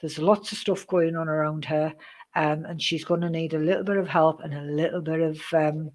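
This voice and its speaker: A woman's voice: sits low, steady tone, normal speed, darkish tone. Chatty woman giving live readings. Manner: chatty and rambling, greets viewers by name, many "um"s. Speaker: psychic reader. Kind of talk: live-stream psychic reading.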